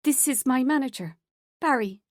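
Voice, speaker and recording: A timid, awkward young woman, voiced by a woman narrator. She sounds slightly higher and hesitant. The recording is dry and close. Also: animated, normal speed, dry recording. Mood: shy. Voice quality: timid and blunt.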